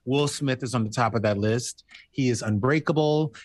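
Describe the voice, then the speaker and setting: A man from the American South, a guest on a casual podcast, telling stories in a sassy, blunt, animated way. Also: moderate pace. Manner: animated storyteller who acts out quotes in a high voice. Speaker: guest, TV host.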